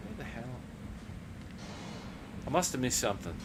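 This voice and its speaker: A man's voice: mid-range voice, sing-song, normal speed, long pauses, heavy background noise. An Australian man streaming a video game, telling a long profane story with fillers and restarts. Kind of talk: casual storytelling while gaming.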